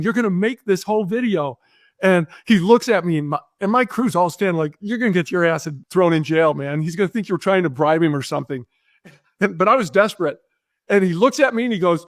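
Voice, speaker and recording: Animated storytelling man, fairly high voice. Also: no echo, clean studio sound. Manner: animated anecdote-telling, acting out quoted voices. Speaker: guest, filmmaker. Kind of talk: storytelling in a podcast interview.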